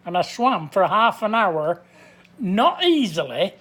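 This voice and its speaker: A man's voice: high-pitched, lively intonation, slow pace, fairly bright tone. Blunt older man, plain-spoken. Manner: blunt, plain-spoken, repeats his points. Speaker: vlogger. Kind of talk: casual monologue to camera.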